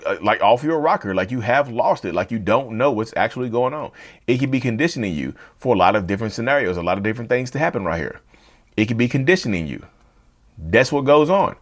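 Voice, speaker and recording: A man hosting a mental health channel, talking straight to his viewers in an animated way and rephrasing each point several times. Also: medium pitch. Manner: addresses viewers as "y'all". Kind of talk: direct-to-camera talk.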